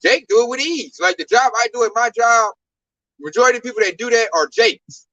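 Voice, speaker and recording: In a casual talk about religion, a man with a very high voice speaks fairly quickly, spinning emphatic, slangy stories with real energy. The audio is dull and dry, picked up by a distant mic with no room sound.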